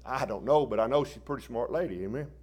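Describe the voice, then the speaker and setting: A man preaching a sermon in a folksy, plain-spoken way, dropping to quiet asides and rising into loud impassioned bursts. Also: medium pitch, fast talker, husky.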